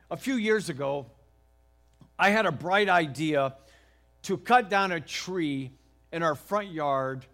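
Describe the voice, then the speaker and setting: A middle-aged American man preaching a sermon, telling a homey story in a folksy, animated way with frequent restarts. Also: a little high. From United States. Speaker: pastor.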